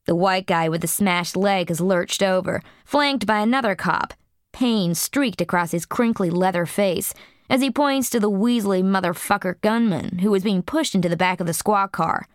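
A woman's voice: medium pitch, moderate pace, no room sound, clean studio sound. A woman narrating an audiobook in a blunt, profane first-person voice.

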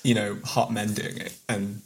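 A man's voice: on the low side, level tone, husky. Wry podcast co-host man. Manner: wry, quick to laugh. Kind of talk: casual podcast chat.

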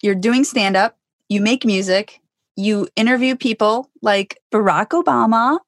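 A woman's voice: fairly high pitch, a little slow, dry recording, studio quality. A woman hosting an interview who encourages her guest and sums up what the guest has said. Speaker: interview host.

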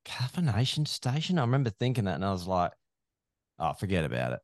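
A man's voice: on the low side, huge pitch swings, fast talker, no echo. A man, chatting casually and wryly on a podcast. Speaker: podcast co-host, marathon runner. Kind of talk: casual chat. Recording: dry close-mic sound.

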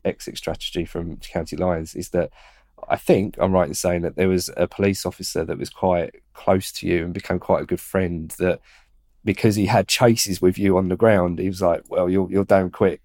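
A male interviewer who affirms his guest and asks halting, rambling questions with repeated words. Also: low-pitched, steady tone, a little mellow, no echo, clean studio sound.

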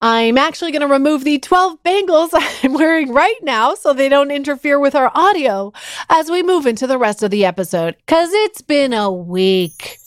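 A woman's voice: high-pitched, lively intonation, normal speed, no room sound. A woman in her thirties hosting a podcast, telling stories in a chatty, self-deprecating way. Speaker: podcast host. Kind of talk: casual chat.

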